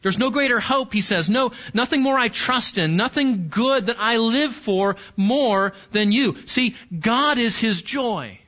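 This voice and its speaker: A man's voice: very high-pitched, animated, unhurried, few pauses, pushed and bright, highs cut off. A man preaching a sermon, explaining a scripture passage earnestly and asking his listeners rhetorical questions. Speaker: pastor.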